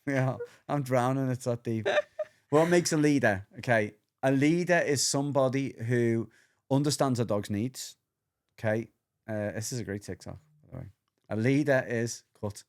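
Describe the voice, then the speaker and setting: A man co-hosting a casual podcast chat, explaining dog behaviour as an animated storyteller who acts out voices and swears freely. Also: medium pitch, normal speed.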